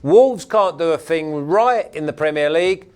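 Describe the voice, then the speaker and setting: A man hosting a betting panel, briskly reading out odds and passing questions to the others. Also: on the high side, lively intonation, a little mellow, smooth. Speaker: host. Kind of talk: casual panel chat.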